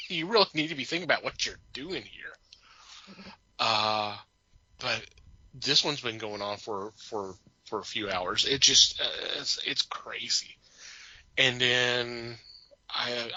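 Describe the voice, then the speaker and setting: A man's voice: medium pitch, bright, forceful tone, dry recording, muffled recording. A man co-hosting a podcast, telling a story in casual chat, amused and rambling with many restarts. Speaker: podcast co-host.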